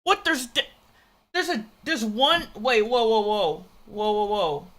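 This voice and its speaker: A streamer reacting to an old video of their own stream, excitable, swearing and self-mocking. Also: medium pitch, slow pace. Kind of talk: casual reaction commentary.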